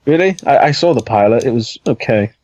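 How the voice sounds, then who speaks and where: A man's voice: medium pitch, expressive, brisk, darkish tone. A Welsh man co-hosting a podcast, chatting casually and swearing now and then. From Wales. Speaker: podcast co-host. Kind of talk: casual chat. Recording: dull dry lo-fi sound.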